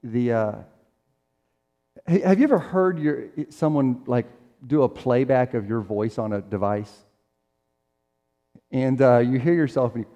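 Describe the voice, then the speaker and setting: A man's voice: medium pitch, measured pace, long pauses, dark tone. A middle-aged man preaching a sermon in a conversational way, acting out the quotes he tells. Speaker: pastor. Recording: long reverb of a large hall.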